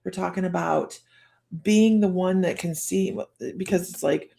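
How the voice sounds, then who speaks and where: A middle-aged woman with a hoarse voice, hosting a casual live-streamed psychic reading in a chatty, rambling way full of fillers and restarts. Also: fairly low pitch, measured pace, warm tone. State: hoarse from a cold.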